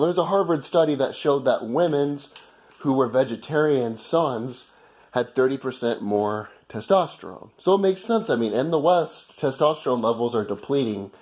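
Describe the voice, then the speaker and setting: A man's voice: mid-range voice, darkish tone. Profane, heated American man ranting. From United States. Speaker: vlogger. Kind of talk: ranting monologue.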